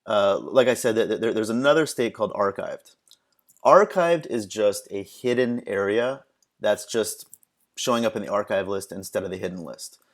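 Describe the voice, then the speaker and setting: A man presenting a screen-recorded software tutorial, talking casually and haltingly with many ums and restarts. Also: fairly low pitch.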